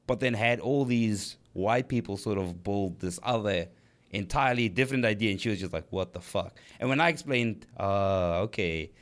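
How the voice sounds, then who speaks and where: A man's voice: on the low side, brisk. A man co-hosting a podcast, telling a story in casual chat with emphatic rhetorical questions. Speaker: podcast co-host.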